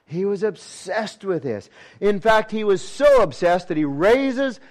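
A man preaching a sermon, repeating key words and asking the congregation rhetorical questions, swinging from excited emphasis to hushed low tones. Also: unhurried.

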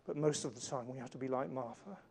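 A man preaching a sermon in an earnest way, slowing down and changing his volume to stress key points. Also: mid-range voice, creaky, darkish tone, slightly rough. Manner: earnest, varies volume for emphasis, slows on key lines.

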